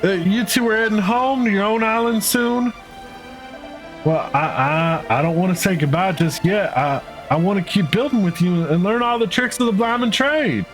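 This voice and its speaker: A man voicing an eager young farmhand, stammering in his excitement. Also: high-pitched, normal speed, faint music behind, voice pushed up. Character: eager cheerful young farmhand, hard worker.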